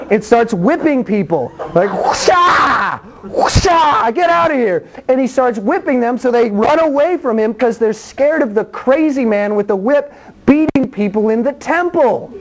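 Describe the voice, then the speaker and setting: A preacher delivers a sermon in a lively, plain-spoken way. Bible scenes are acted out with funny voices and noises, and the talk stays blunt and conversational. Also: medium pitch. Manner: animated storytelling with acted-out voices and sound effects.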